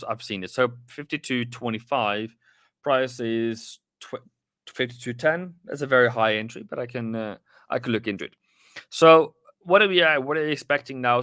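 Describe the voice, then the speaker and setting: Guy rambling thru live market talk, kinda breathless, bright voice, dry close mic. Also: medium pitch, clear, resonant tone, no echo. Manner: rambling, chatty, with restarts and asides to viewers. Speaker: trading livestream host. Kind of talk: casual live market commentary.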